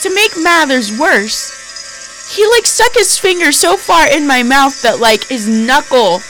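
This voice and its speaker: Chatty woman podcast host, hushed spooky tone. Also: expressive, measured pace, soft background music, rough recording. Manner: lowered spooky storytelling voice; chatty, filler-heavy, emphatic. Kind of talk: casual storytelling.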